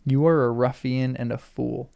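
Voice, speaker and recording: A man's voice: medium pitch, steady tone, moderate pace, creaky, warm tone, smooth, voice pushed down, close to an everyday voice. A man reading aloud as a bold young male hobbit giving stern commands.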